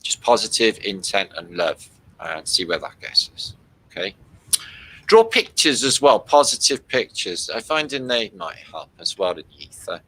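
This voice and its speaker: A man chatting loosely to his viewers on a home livestream. His voice is bright and forward, and he rambles from point to point with plenty of swearing. He sounds like he is talking into a home computer mic. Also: low-pitched, big pitch swings, moderate pace, breathy edge, rough recording. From Britain. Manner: rambling, sweary, reads out chat comments. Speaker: livestream host. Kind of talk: casual livestream chat with viewers.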